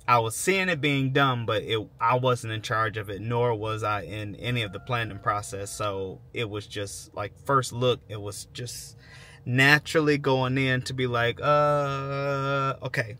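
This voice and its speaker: Bright-voiced man chatting to camera. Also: medium pitch, moderate pace. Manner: rambling, self-correcting explanations. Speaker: vlog host. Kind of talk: casual talking-to-camera vlog.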